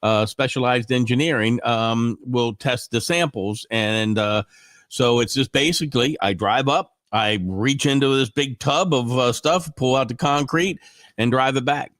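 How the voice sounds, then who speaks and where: A man's voice: medium pitch, a little slow, a bit bright, dry recording, studio quality. Congested man, rambling through a cold. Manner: rambling, full of fillers and restarts. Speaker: guest radio host. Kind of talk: casual chat.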